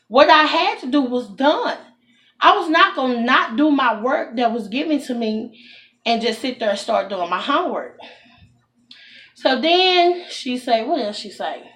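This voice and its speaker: A woman with a drawl tells a casual storytime straight to camera, her voice sitting a little high. She talks in an animated, indignant way and keeps turning to her viewers. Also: normal speed. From Texas. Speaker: vlogger.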